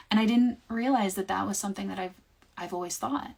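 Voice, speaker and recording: A young woman talking candidly and reflectively to her livestream audience, often trailing off to quieter words. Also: mid-range voice, expressive, fast, gravelly, husky. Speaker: livestream host. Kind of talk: casual personal monologue.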